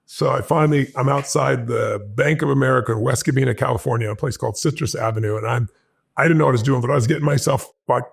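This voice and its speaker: A man telling a personal story in an animated, intense way, acting out the voices of the people in it. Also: medium pitch, gravelly, breathy edge. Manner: fast, intense, acts out the dialogue in his anecdotes. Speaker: motivational speaker.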